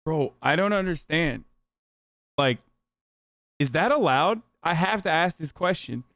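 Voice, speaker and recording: A man's voice: fairly high pitch, lively intonation, unhurried, fairly bright tone, no room sound. A man in his thirties streaming a reaction, cursing and riffing sarcastically with mock impressions. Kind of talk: casual reaction commentary.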